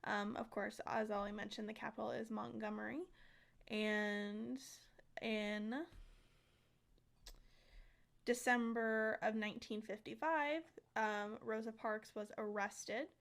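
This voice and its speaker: A woman's voice: on the high side, fairly even intonation, a little slow, vocal fry, a bit bright. A woman co-hosting a casual podcast, reading out facts with frequent ums and a slight Southern lilt at times. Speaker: podcast co-host.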